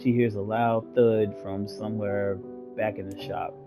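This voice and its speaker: A man's voice: on the low side, flat delivery, a little slow, highs cut off, over loud music. A man hosting a gaming channel, reading the story text aloud and breaking in with casual jokes. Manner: reads aloud, breaks off to joke and laugh.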